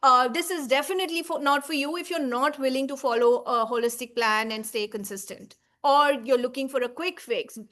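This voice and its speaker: A woman's voice: high-pitched, fairly quick, few pauses, sharp tone. A woman in her thirties, a baby sleep coach, giving a heartfelt talk to mothers, earnest and reassuring, often checking in with "right?" and "okay?". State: emotional, tearing up.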